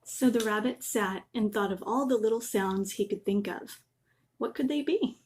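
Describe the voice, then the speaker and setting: A woman gently reading a children's bedtime story aloud, adding little asides. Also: mid-range voice, normal speed, slight background noise.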